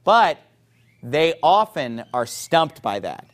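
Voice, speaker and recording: A man's voice: a little high, slow. A man preaching, quoting King James scripture and animatedly acting out the voices of people he argues with. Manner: animated, acts out opponents' voices.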